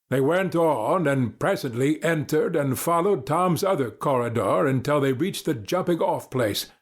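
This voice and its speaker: A man narrating a story in a steady, storybook manner. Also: mid-range voice. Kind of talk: scripted narration.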